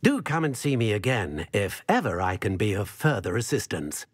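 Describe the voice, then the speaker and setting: Ollivander, a husky old wandmaker. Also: male voice, lowish voice, very animated, dry recording, studio quality. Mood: solemn. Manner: formal, measured speech. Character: elderly male wandmaker, courteous and grave.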